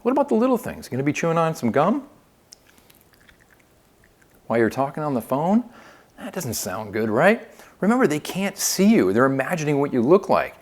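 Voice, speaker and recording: A man teaches a phone sales training lesson, coaching in an upbeat way with lively inflection and frequent "okay?" check-ins. His voice sits on the high side, at a moderate pace broken by long pauses.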